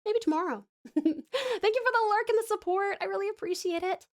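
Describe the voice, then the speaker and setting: Gushing Australian woman streamer, high voice. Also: brisk. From Tasmania, Australia. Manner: gushing, calls viewers hun and darling. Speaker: live streamer. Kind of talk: casual live-stream chat while drawing.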